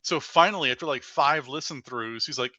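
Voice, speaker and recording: A man's voice: medium pitch, a little fast, no room sound, muffled recording. A man, a paranormal investigator, telling stories as a guest in a casual podcast interview, filling his speech with "like". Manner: animated storyteller with frequent "like" fillers.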